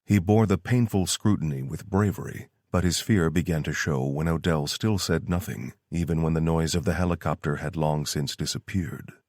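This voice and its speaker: A man reading an audiobook in steady, scripted narration. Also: a bass voice, normal speed, hardly any pauses, dry recording, clean studio sound.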